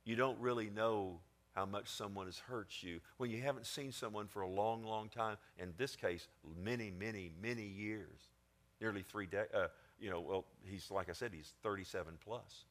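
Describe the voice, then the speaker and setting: A male preacher giving a sermon, swinging between quiet, low passages and emphatic ones, often calling for amens. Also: normal speed. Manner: asks the congregation for amens.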